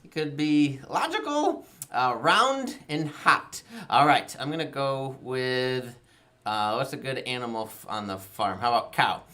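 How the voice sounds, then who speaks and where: A woman hosts a children's library show in a playful, sing-song voice. She laughs often and acts out animal sounds while leading a song. Her pitch swoops around freely, and her pace is slow and deliberate. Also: animated, fairly bright tone.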